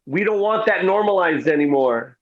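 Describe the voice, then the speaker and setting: A man's voice: high voice, animated, moderate pace. Earnest middle-aged man, muffled audio. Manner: earnest, repeats "you know what I mean". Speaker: guest comedian and actor. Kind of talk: interview conversation.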